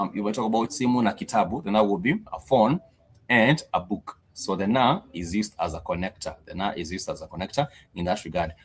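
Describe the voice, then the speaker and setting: A man teaching a live-streamed Swahili class, patiently repeating each phrase and spelling words out letter by letter. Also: on the low side. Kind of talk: live-streamed language lesson.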